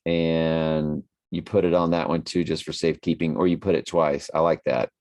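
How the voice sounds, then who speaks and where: A man's voice: rumbling low, flat delivery, normal speed, a little mellow. A tired man hosting a casual livestream, reading out viewer comments in a rambling, musing way with many fillers.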